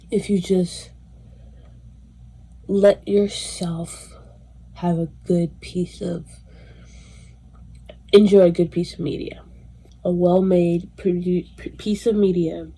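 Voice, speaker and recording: A woman in her twenties giving a casual, animated movie review, emotional and swearing freely. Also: medium pitch, slightly rough. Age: 20s. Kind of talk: casual chat.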